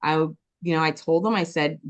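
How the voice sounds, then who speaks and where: A woman giving a personal testimony, talking quickly and passionately, often checking in with "okay?" and acting out voices as she tells her story. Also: sits low. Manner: animated storytelling with quoted dialogue. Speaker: business testimony speaker.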